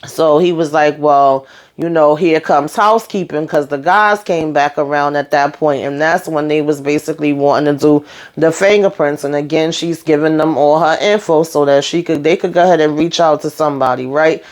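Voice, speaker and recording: A woman giving a casual, blunt and expressive recap of a TV episode, often speaking directly to her viewers. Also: deep voice, brisk. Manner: sassy, blunt and expressive, with frequent asides to viewers. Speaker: TV recap vlogger.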